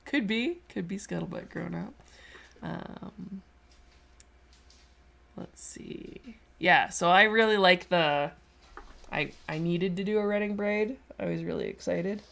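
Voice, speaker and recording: Slow and gravelly, a little bright, and broken by long pauses, this fairly low female voice belongs to a Canadian sculptor on a craft livestream. She talks about her work in a chatty way, reads out the chat, and gives voice to what her lizard is thinking.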